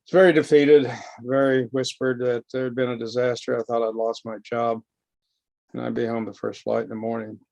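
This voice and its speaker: A man giving a personal recovery testimony at a lecture, speaking slowly and haltingly with heartfelt pauses. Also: medium pitch, little pitch movement, vocal fry, darkish tone, dry recording. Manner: slow, halting, heartfelt storytelling. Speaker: guest speaker. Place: lecture hall.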